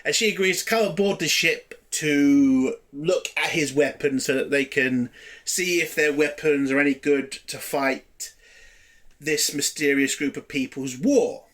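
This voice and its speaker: A man's voice: on the high side, steady tone, measured pace, a bit bright. A man giving a casual spoken review of a TV episode, blunt and exasperated, swearing freely.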